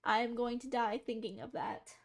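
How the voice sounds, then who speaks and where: A woman whose voice is on the high side talks at normal speed with little pitch movement while streaming herself drawing. She chats casually with viewers, giggling, rambling, and trying silly voices.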